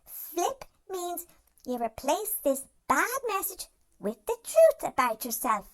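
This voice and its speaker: Someone voicing a high, lively, gentle wise dog. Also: takes it slowly, exaggerated voice. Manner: soothing, reassuring, speaks to the listener directly. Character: gentle caring wise dog giving life advice. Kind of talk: scripted self-help narration.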